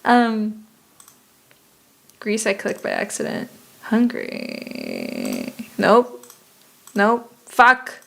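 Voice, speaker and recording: A woman's voice: mid-range voice, huge pitch swings, extremely slow, gravelly, pauses often, a bit bright. A young woman streaming a geography game, chatting casually and muttering profanely in exasperation as she plays.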